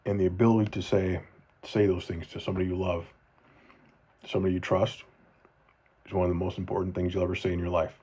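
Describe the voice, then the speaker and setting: A low-pitched man in his forties talks straight to camera for his kids in a personal video journal. His voice is dark and a bit husky, and he speaks earnestly, often falling soft and repeating phrases to drive them home. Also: flat delivery, quick pace, pauses often. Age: 40s. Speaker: father speaking to his children.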